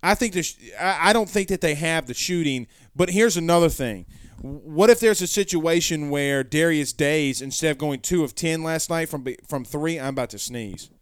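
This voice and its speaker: A man runs a casual sports stream, reading out fan comments and drifting into folksy tangents. His voice sits a bit high and comes across smooth and resonant. The sound is dry and close. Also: moderate pace, dry recording. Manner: rambling, self-correcting, folksy. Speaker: sports show host.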